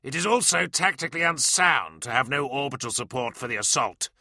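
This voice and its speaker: A man's voice: mid-range voice, lively intonation, brisk, bright, forceful tone, no room sound, studio quality, voice pushed up, full character voice. A man doing a snarling, rage-filled warrior. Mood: angry. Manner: snarling, barely restrained rage. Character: volatile, murderous male warrior commander.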